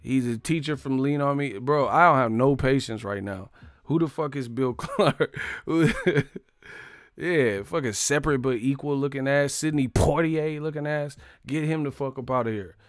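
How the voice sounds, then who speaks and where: Profane, laughing live-stream host. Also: male voice, medium pitch, normal speed, no echo, studio quality. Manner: profane, laughing, riffing on chat. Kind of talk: casual live-stream commentary.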